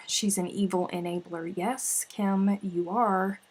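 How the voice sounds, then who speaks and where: A woman's voice: mid-range voice, fairly even intonation, slow pace, slightly rough. A woman hosting a casual craft livestream, chatting and reading out viewer comments with sighs and laughs. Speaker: livestream host. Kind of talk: casual chat while crafting.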